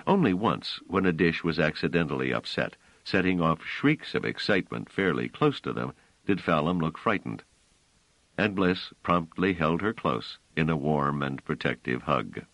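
A man narrating an audiobook with expressive storytelling. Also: very deep voice, normal speed, gravelly, dry recording, low-quality recording. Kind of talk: scripted narration.

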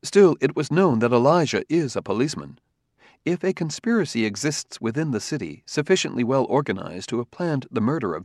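A man voicing a calm, precise male humanoid robot detective who speaks in a measured, formal, logical way. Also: mid-range voice, no room sound, studio quality.

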